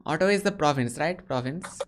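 A man's voice: fairly high pitch, expressive, brisk. A man from India hosting casual video chats with strangers and asking lots of short, curious questions over a video call. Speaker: host.

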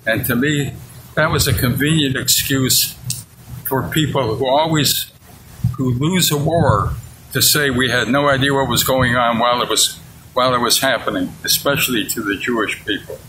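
A man's voice: medium pitch, normal speed, background noise. A man in his eighties, a veteran, telling a personal story in an interview in a blunt, outspoken way. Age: 80s.

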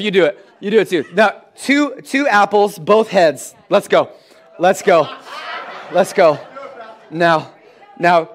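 Man, pastor, church sermon, lively and joking, high voice. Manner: animated and comic, acting out scenes with his kids.

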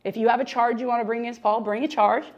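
A woman's voice: a little high, steady tone, fast, a little mellow, highs cut off, close to an everyday voice. A woman voicing a pragmatic male city clerk who reasons with a rioting crowd. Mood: coaxing.

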